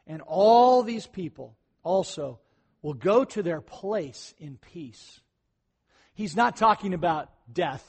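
A middle-aged male pastor preaching a conversational sermon, often clearing his throat and rising into excited bursts. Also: fairly high pitch.

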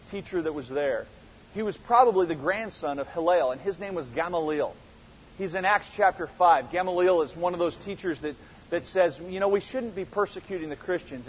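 High-voiced man teaching scripture in a hall. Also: a little hiss or hum. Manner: earnest, rhetorical questions, frequent restarts. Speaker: Bible teacher. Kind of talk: verse-by-verse Bible lesson. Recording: reverberant hall, dull lo-fi sound.

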